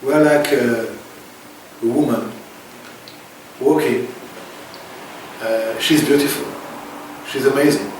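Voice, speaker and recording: A man from France with a French accent, answering interview questions in halting, emphatic phrases that repeat words for stress. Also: mid-range voice, fairly even intonation, darkish tone, heavy reverb, recorded from a distance, a little hiss or hum, low-quality recording. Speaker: interview guest.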